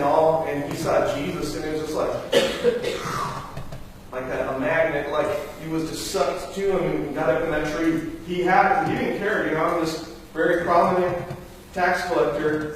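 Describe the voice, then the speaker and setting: A man's voice: on the high side, slight background noise. A man preaching a sermon as pastor, telling stories and acting out the voices of the people in them. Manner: animated storytelling, acts out voices. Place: church sanctuary. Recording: very echoey church, from far off.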